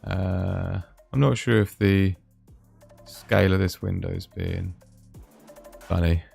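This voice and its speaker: A man's voice: low voice, steady tone, slow pace, vocal fry, a little mellow, husky, soft background music. A man hosting a casual live stream, chatting and laughing as he reads out memes. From Scotland.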